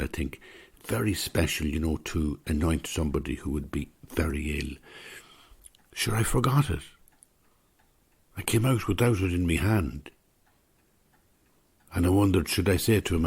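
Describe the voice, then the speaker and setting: Very deep, husky older Irish man. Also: a little mellow. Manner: unhurried, conversational, drops to whispers for quoted voices. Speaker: storyteller. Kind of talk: spoken personal story.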